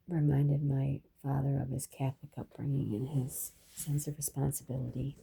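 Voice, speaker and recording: A woman with a low, gravelly voice and a very dark, mellow tone tells a personal story in a casual monologue. She rambles and reflects, often restarting her sentences and tossing in profane asides. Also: level tone, normal speed, few pauses.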